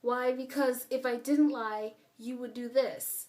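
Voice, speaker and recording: A woman vlogger tells a story casually and ramblingly, packing her speech with "like" and stressing her points hard. Her voice is a little high and a little mellow, steady and unhurried, and she sounds a bit far from the mic.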